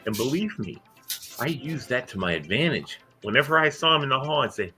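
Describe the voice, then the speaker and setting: Older male host, bright forceful voice, chatty storyteller, faint music under. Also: brisk. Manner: animated storyteller acting out quoted kids in a higher voice. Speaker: podcast host, former school coach. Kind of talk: casual storytelling chat.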